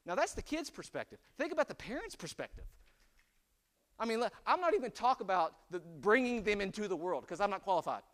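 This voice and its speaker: A man in his forties delivers a conversational sermon with a high, very lively voice. He talks in a chatty, animated way and often checks in with the congregation with "right?". His pitch swings widely as he tells stories. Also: brisk. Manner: animated and chatty, with rhetorical "right?" and frequent laughs. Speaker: pastor.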